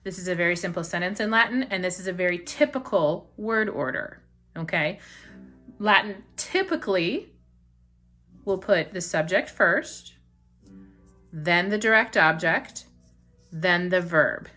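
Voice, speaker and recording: Patient woman teaching a lower-voiced grammar lesson. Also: animated, bright, forceful tone, soft background music. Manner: patient, explaining step by step, often checking with "okay?"; slows down to stress key words. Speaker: Latin teacher. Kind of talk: beginner grammar tutorial.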